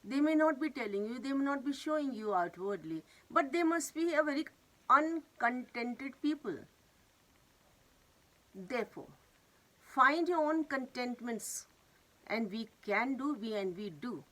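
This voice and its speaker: A woman with a slightly high voice tells a moral fable. Her delivery is earnest and gently instructive, the way a wisdom talk is shared. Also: animated, unhurried, poor audio. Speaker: storyteller of wisdom talks. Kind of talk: moral storytelling.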